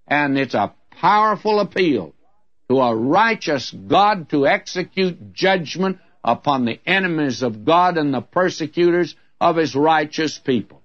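A man's voice: a little high, lively intonation, a little slow, fairly bright tone, dry recording, lo-fi sound. A man preaching an expository sermon as a radio Bible teacher, earnest and folksy, with candid humorous asides.

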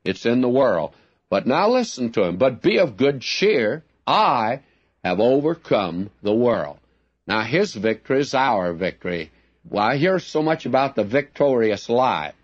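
A man's voice: mid-range voice, very animated, a little slow, dry recording, muffled recording. A man teaching verse by verse from the Bible in an earnest, plainspoken way, often calling his listeners friends.

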